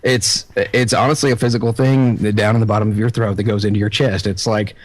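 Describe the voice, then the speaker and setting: A man's voice: on the low side, flat delivery, brisk. A man, a guest voice actor, chatting casually on a podcast and slipping playfully into impressions.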